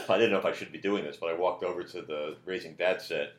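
Older man, very low voice, animated storyteller, echoey podcast room. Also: fairly quick. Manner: animated storyteller, shouts quoted lines. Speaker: comedian guest. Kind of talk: casual anecdote telling.

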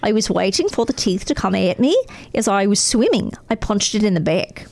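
A woman's voice: medium pitch, moderate pace, gravelly, dry recording. A woman putting on a laid-back Australian surfer bloke. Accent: Australian, put on. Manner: relaxed, drawling put-on voice. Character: laid-back male Australian surfer recounting a shark attack.

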